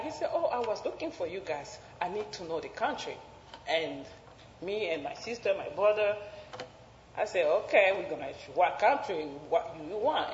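A woman whose first language is French tells a personal story in an animated way, laughing and jumping up in pitch when she quotes others. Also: a little hiss or hum. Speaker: interviewee. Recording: roomy, reverberant, slightly dull recording.

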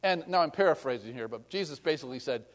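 A man's voice: a little high, lively intonation, quick pace. A man preaching a sermon in a conversational way, acting out scripture scenes in different voices. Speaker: pastor.

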